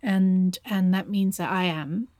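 A nervous, shy young woman, played by a woman in an audio role-play, confides in her partner, stammering and repeating herself. She talks slowly with long hesitations. The sound is close and dry. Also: fairly low pitch, steady tone, darkish tone, no room sound.

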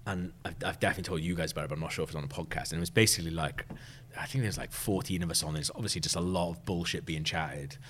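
Male podcast host, slightly low voice, rambling anecdotal delivery. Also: racing, a bit bright, slight background noise. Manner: rambling storyteller, lots of fillers. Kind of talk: casual podcast chat.

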